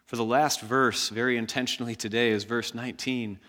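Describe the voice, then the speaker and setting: A man preaching a sermon as pastor, slow and emphatic, leading the congregation in call-and-response shouts. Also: mid-range voice, fairly even intonation, in a large hall.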